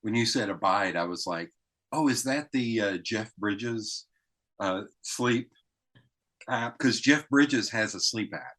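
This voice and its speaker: A man's voice: on the low side, takes it slowly, a bit bright. A man with a Southern US accent hosting a podcast, telling stories in a chatty way and laughing easily. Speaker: podcast host. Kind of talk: casual conversation.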